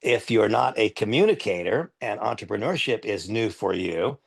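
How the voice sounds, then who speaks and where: A man's voice: fairly low pitch, lively intonation, normal speed, vocal fry, breathy edge. An older man giving a live training demonstration on a headset mic, earnest and emphatic, repeating his key points.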